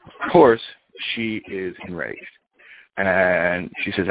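A man's voice: deep voice, slow pace, narrow, tinny audio. A man telling a story in a casual, chatty way, with fillers and asides to his listeners.

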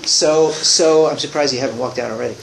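A man's voice: mid-range voice, fairly quick, creaky, roomy sound, background noise. A man speaking informally to a group at a recovery meeting in a room, rambling and restarting his sentences with wry humor.

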